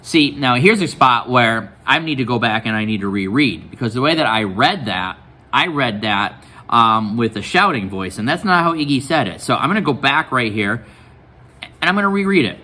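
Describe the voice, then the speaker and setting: A man's voice: medium pitch, lively intonation, moderate pace, bright, forceful tone. A male teacher reading a novel aloud to his class and explaining it. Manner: guiding, explanatory.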